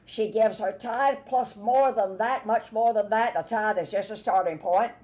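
A woman's voice: mid-range voice, a little slow. Woman preaching an emphatic sermon. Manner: emphatic, with sudden loud bursts and soft asides.

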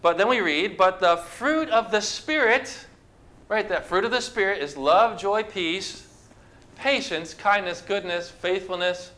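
Male pastor, sermon, high voice, conversational, questions to congregation. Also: measured pace, bright, forceful tone. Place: church with a congregation.

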